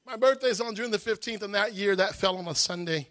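A male preacher giving an emotional, animated sermon testimony that rises to shouts. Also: sits high, fast talker, no echo, studio quality.

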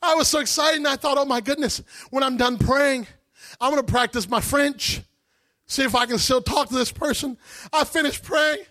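High, bright-voiced male preacher. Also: moderate pace. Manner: impassioned preaching storytelling. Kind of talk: sermon testimony.

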